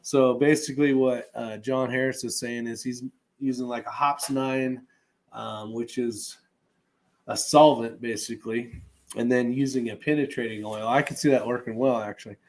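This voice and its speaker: A man hosting a relaxed livestream, reading viewer comments aloud and chatting loosely with plenty of fillers and chuckles. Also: mid-range voice, moderate pace. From California. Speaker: host reading live chat. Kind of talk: casual livestream chat.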